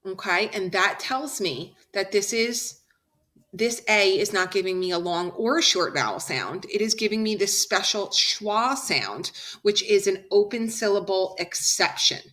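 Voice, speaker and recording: A woman teaching a phonics lesson, speaking slowly and patiently, drawing out example sounds and checking in with her class. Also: medium pitch, fairly bright tone.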